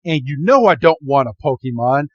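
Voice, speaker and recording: Exasperated young man, protesting, high-pitched, as a man does him. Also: big pitch swings, fairly quick, no room sound, highs cut off.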